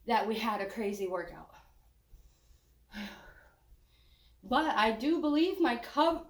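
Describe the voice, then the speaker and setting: A woman's voice: medium pitch, reverberant. Breathless older woman leading a workout. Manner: joking, encouraging, sighing between cues. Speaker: fitness instructor. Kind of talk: walking workout instruction.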